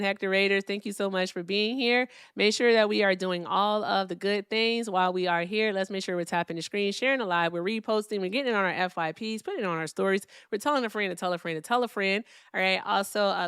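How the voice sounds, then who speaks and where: A woman hosting a political call-in livestream, speaking in a relaxed, profane, wry way as she reads out donor messages and thanks viewers. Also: mid-range voice, clean tone, dry recording, studio quality. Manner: speaks softly, not loudly. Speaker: livestream political debate host. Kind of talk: casual livestream chat.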